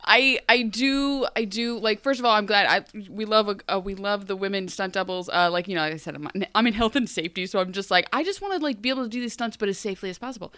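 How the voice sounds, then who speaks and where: Bright, crisp-voiced chatty woman co-host. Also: mid-range voice, fast talker, few pauses, no echo, studio quality. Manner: chatty, animated, acts out scenes in funny voices. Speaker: podcast co-host. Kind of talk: casual recap chat.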